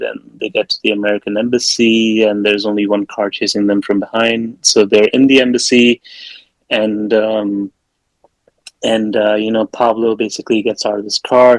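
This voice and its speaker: A man's voice: fairly low pitch, dry recording, rough recording. Rambling man recapping a film. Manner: rambling, with many fillers and restarts. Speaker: podcast host.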